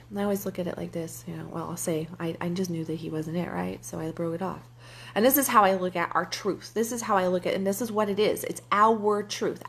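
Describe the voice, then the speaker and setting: A woman's voice: medium pitch, fairly bright tone. A woman life coach talking casually to her viewers, candid and chatty, sometimes swearing and acting out what others said. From German heritage. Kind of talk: casual livestream talk to viewers.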